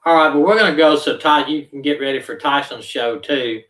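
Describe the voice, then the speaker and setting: Brief: male live-stream host, relaxed and rambling, heard from off-mic in a roomy space. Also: a little high, brisk, far from the mic. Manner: easygoing, rambling with many fillers. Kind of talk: casual live stream sign-off. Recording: echoey room, voice off-mic.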